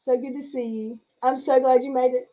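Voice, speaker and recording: Middle-aged lady doing a casual livestream, mellow voice, laughing and saying hey to chat by name. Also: sits high, level tone, a little fast, poor audio. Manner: chatty, greets viewers by name, laughs often. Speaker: livestream host. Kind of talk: casual chat reading live comments.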